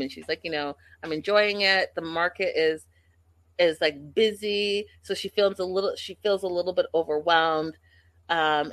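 This livestream host has a deep voice and a fairly bright tone, recorded with no room sound. She chats and gossips casually through a recap, addressing her audience head-on.

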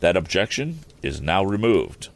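A man's voice: low voice, sing-song, unhurried, creaky, exaggerated voice. A man voicing a worried middle-aged inventor and father who explains things earnestly.

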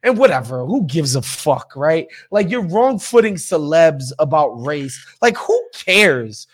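A man's voice: on the high side, unhurried. A man co-hosting a podcast, ranting emphatically and casually with frequent swearing. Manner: profane, emphatic, animated ranting. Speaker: podcast co-host.

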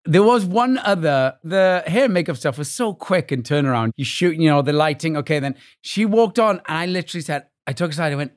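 Man, Welsh accent, slightly high voice, very lively pitch, casual anecdotes, acts out quotes. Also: brisk, few pauses. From Wales. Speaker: actor guest. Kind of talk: casual conversational storytelling.

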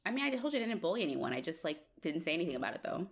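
Woman co-host, low-ish voice with lots of swing, wry and quick. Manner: animated, joking, quick asides. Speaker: podcast co-host. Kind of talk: casual chat.

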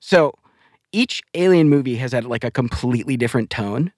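Man, podcast co-host, casual chat, teasing, animated pitch, dry recording. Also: normal speed, no echo. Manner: teasing, playful.

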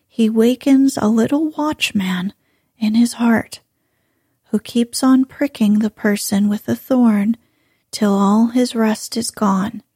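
A woman in a whispered role-play, voicing a kind, gentle old grandmother who speaks softly and coaxingly. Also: on the high side, husky, dry recording, clean studio sound, exaggerated voice. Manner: soft, kindly, coaxing.

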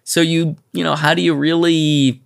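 A man co-hosting a podcast, talking in a casual, animated and rambling way with lots of restarts. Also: on the high side, normal speed, gravelly. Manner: animated, rambling with restarts, slips into mock voices. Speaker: podcast co-host. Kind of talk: casual chat.

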